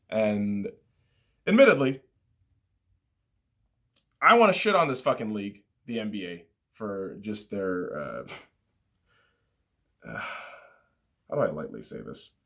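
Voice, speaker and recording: A man hosting a casual basketball game review, swearing freely and rattling off player stats in an excitable way. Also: fairly low pitch, unhurried, long pauses.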